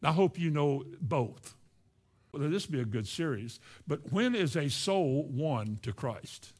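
A man preaching a sermon in an earnest way, slowing down on key words for emphasis and acting out the objections of reluctant churchgoers. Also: a little high, expressive, slightly rough.

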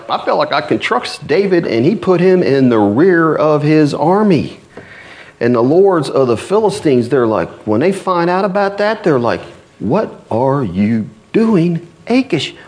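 A man preaching a sermon, telling the story in a lively way and acting out what people said. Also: mid-range voice. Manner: animated storytelling, acts out voices. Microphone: church recording.

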